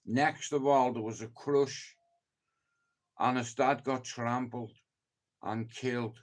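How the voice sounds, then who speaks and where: Slow, sweary Irish man. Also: medium pitch, fairly even intonation. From Ireland. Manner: sweary, emphatic storytelling. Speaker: live streamer. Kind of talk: casual live-stream monologue.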